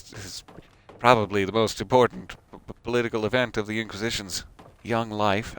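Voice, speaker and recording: A man hosts a let's play, chatting casually over the game with a joking, self-deprecating manner. His voice sits a little on the low side. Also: fairly even intonation, normal speed, few pauses, fairly bright tone, clean tone. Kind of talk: casual gameplay commentary.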